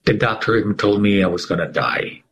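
A middle-aged man giving an emotional personal testimony as an interview guest, telling it dramatically with big swings in pitch. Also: a little fast, a bit bright, highs cut off, a little hiss or hum.

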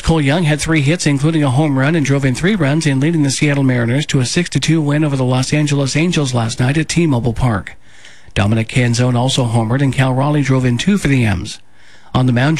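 A man in a radio studio reading local news bulletins in a steady, measured delivery. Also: medium pitch, dry recording. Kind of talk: scripted local news read.

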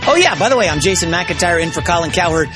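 A man filling in as a sports radio host, talking in an excitable, rambling way and often correcting himself mid-sentence. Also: sits high, fast talker, music in the background.

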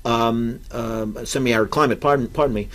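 A man with a New Jersey accent talks history on a podcast, a professor in casual discussion. He stumbles and restarts his sentences as he explains. His voice sits at an ordinary pitch. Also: steady tone, a bit bright. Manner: halting, many restarts while explaining.

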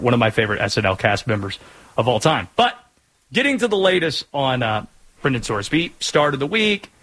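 A man's voice: on the high side, a bit bright, poor audio. A married man from North Carolina hosting a sports podcast, chatting casually with rambling joking asides.

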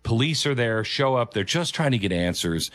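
In studio-quality audio with no echo, a man with a medium-pitched, fairly bright voice and lively intonation speaks at a moderate pace. He hosts a commentary show, giving earnest, emphatic opinions on a video clip and repeating key phrases.

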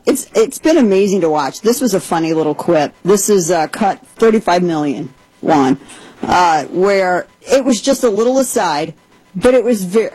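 A woman's voice: lowish voice, a little mellow, breathy edge, no room sound, poor audio. A woman podcast host giving a casual commentary monologue, chatty and full of sarcastic asides.

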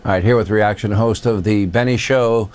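A man hosting a news talk show, chatty and quick to laugh with his guest. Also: on the low side, steady tone, heavy background noise. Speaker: host.

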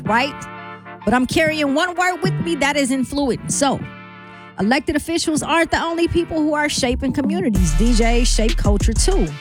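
A woman hosting a live radio talk show with a high, bright voice. She talks in an upbeat, chatty way, and faint music plays underneath.

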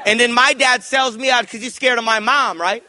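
A male comedian tells family stories on stage, acting out each parent. His voice is high and bright. A faint hiss of noise sits under the recording. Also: normal speed, some chatter behind. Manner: animated storytelling, acting out family members. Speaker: stand-up comedian. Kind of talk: stand-up comedy set.

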